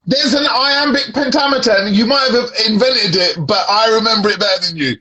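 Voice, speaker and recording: A man's voice: high voice, fairly quick, over a noisy crowd. A man joining a casual livestream chat over a video call as the guest, playful and laid-back, trading jokey banter.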